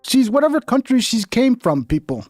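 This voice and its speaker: A man's voice: very high-pitched, sing-song, moderate pace, darkish tone, no echo, clean studio sound. Blunt, mocking man streamer. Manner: blunt, mocking, swears often. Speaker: streamer reacting to a video. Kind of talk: casual profane commentary.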